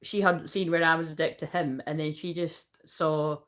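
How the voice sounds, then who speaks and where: A woman's voice: sits low, fairly even intonation, normal speed. A woman giving a casual tarot reading, rambling, swearing freely and laughing often. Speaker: tarot reader.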